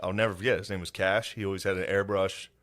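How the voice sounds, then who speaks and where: A man's voice: sits low, fairly even intonation, fast talker, fairly bright tone. A man co-hosting a comedy podcast, telling profane stories in a casual chat and laughing often. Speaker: podcast co-host.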